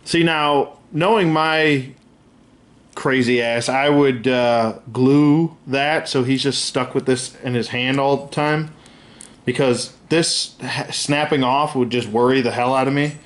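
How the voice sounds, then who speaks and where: A man's voice: mid-range voice, steady tone, takes it slowly. A man reviewing action figures in a casual, rambling way. He is candid and gripes openly, swearing freely, with plenty of fillers and self-corrections.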